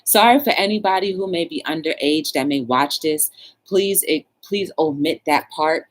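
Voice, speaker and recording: A woman hosting her own talk show, chatting casually and coaching a viewer with playful, animated encouragement. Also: normal speed. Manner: animated, playful, coaching with squealing high bursts and laughs.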